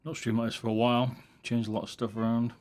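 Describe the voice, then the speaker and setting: A man's voice: mid-range voice, quick pace. Laid-back man muttering on a livestream. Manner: relaxed, muttering asides and chatting to his cat. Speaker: streamer. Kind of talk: casual livestream chat while building a keyboard.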